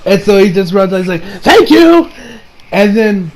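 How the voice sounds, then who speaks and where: A man's voice: sits high, level tone, brisk, noisy background. A man giving a casual recap of an anime episode. He rambles and keeps correcting himself. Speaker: anime reviewer.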